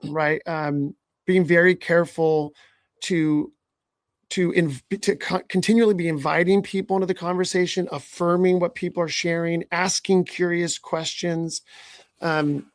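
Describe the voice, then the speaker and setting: A male leadership coach hosts a podcast in an earnest, advising way, often checking in with "right?". His voice sits a little high and has a gravelly edge, and the recording is dry. He talks the listener through workplace habits in a steady conversational flow. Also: unhurried, no room sound.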